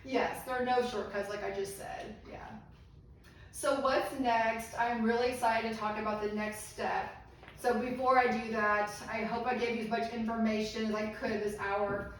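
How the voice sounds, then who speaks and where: A woman's voice: fairly high pitch, steady tone, normal speed. A middle-aged woman giving a live health seminar, earnest and encouraging, asking the audience questions. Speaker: medical seminar presenter. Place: seminar room. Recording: echoey room from far off, faint noise.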